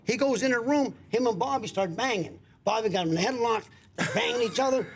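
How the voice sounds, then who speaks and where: A man, a guest comedian, telling an animated story in a studio chat, repeating himself and restarting as he goes. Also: very high voice, fairly quick, gravelly, husky.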